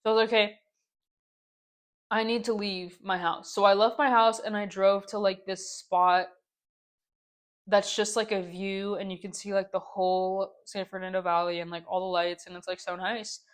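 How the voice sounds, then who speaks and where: On her own podcast, a young woman speaks at a moderate pace in a clear, resonant mid-range voice with a level tone. She rants through a casual story-time vent, exasperated, repeating herself and saying "like" a lot.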